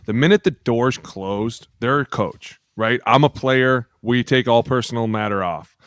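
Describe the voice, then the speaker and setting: A man's voice: medium pitch, unhurried, clear, resonant tone, no room sound, studio quality. A former football lineman co-hosting a podcast, brash and profane in casual chat.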